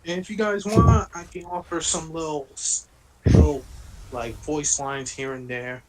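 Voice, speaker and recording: A man's voice: a little high, fairly even intonation, a little slow, a little hiss or hum. Rambling man on a stream, echoey room. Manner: rambling, many fillers. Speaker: stream co-host. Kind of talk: casual chat on a gaming stream.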